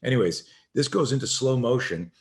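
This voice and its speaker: This middle-aged self-defense teacher talks a little fast in a mid-range voice. On a podcast, he narrates an animated story and plays out the voices within it.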